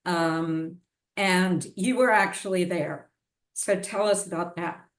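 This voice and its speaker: Slow, measured female host with a lowish voice, picked up from afar in a roomy hall. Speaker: lecture host and interviewer. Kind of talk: hosted lecture conversation. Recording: distant mic in echoey hall.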